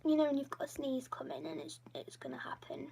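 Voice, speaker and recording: A woman chatting casually on a live stream, soft and half-whispered, rambling while she draws. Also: sits high, big pitch swings, fairly quick, poor audio. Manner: drawing while she talks. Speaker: YouTuber and artist.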